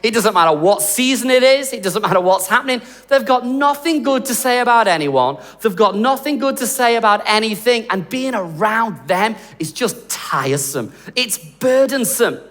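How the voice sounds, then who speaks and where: A man preaching in a lively, chatty, joking style, with a notably high speaking voice. His words ring out with a long reverb that trails through a church hall. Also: moderate pace, few pauses. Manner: animated, conversational, jokey preaching. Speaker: pastor. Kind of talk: sermon.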